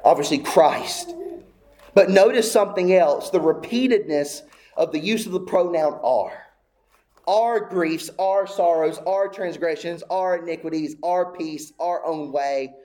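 A man's voice: on the high side, measured pace, warm tone. A man preaching a sermon with an emphatic, repetitive cadence, apparently in a church sanctuary.

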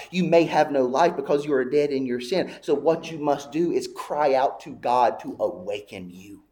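A man's voice: medium pitch, a little mellow, slight background noise. A man preaching a sermon with an emphatic, repetitive cadence, apparently in a church sanctuary.

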